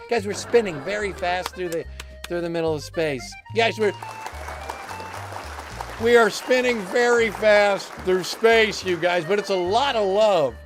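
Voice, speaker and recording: A man's voice: high voice, gravelly. A man hosting a live comedy show, rambling in a mock-pompous way and breaking into song. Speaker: host.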